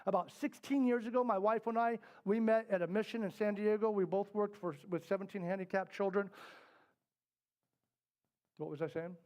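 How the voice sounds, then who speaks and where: A middle-aged man teaching a parenting workshop, talking candidly to a live group. He tells stories, acts out the voices in them and drops to a soft, quiet tone for serious points. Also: high-pitched, fairly even intonation, moderate pace. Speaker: parenting class instructor. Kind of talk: storytelling workshop talk. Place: indoor classroom with a live group.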